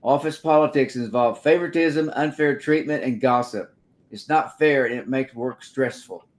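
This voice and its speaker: A man's voice: mid-range voice, normal speed. A man hosting a casual talk show, reading points aloud and commenting on them. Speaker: host.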